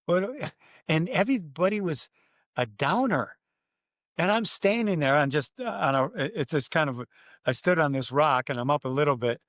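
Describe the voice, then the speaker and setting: An older man with a fairly high voice, a race announcer, spins stories as a podcast guest. He punches up the lines he once said, recreating them with gusto. The sound is close and dry. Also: normal speed, no echo. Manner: animated, acts out his own quotes loudly. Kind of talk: storytelling in a podcast interview.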